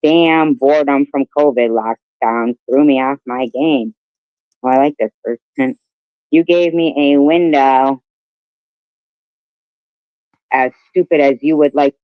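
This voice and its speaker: A man's voice: mid-range voice, measured pace, dry recording. A man co-hosting a livestream, reading viewer comments aloud in a mocking way. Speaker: livestream co-host reading chat. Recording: slightly muffled stream audio.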